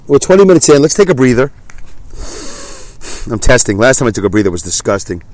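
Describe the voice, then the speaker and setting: A man's voice: medium pitch, sing-song, fast talker, a little mellow, dry recording. A man hosting a solo podcast, rambling and self-deprecating, his voice stuffy from a clogged nose. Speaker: podcast host. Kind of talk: casual solo podcast monologue.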